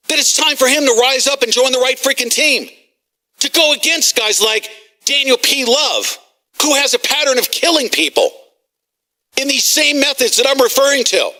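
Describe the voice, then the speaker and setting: A man hosting a talk radio show, ranting agitatedly, shouting and swearing at callers and officials. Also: extremely high pitch. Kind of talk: heated talk radio rant.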